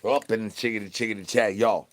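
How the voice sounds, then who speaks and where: Low-ish guy on a stream rambling crude nonsense, slangy, chanting little catchphrases. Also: fairly even intonation, quick pace. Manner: slangy, wheedling asks to chat. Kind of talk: rambling comic livestream talk.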